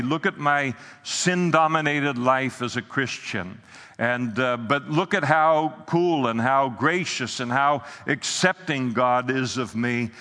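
Bright-voiced man preaching in a hall. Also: medium pitch. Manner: earnest, with frequent filler sounds and restarts. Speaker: pastor. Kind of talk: sermon.

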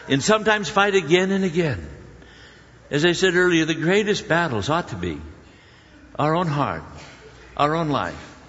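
Animated preacher in a reverberant hall. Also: male voice, fairly high pitch, slight background noise. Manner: animated storyteller, swings from loud exclamations to hushed prayerful tones. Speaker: pastor. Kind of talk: sermon with personal story. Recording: muffled sound with long hall reverb.

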